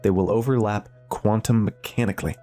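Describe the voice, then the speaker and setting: A man voicing an excited, proud engineer explaining his plan. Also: on the low side, fairly quick, soft background music, natural voice. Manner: excited, eager.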